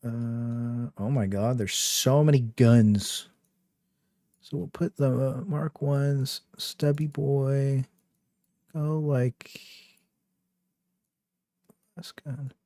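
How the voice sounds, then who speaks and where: A man's voice: mid-range voice, fairly even intonation, very slow, long pauses, warm tone, dry recording, studio quality. A young man casually chatting on his game livestream, rambling with lots of fillers and a trolling swagger. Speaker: game streamer.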